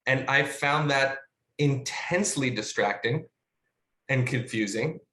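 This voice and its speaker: Chatty actor musing in an echoey room. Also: male voice, medium pitch, slow pace, bright, forceful tone. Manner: musing, chatty, with many fillers and restarts. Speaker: guest artist, actor. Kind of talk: casual webinar discussion. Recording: roomy echo.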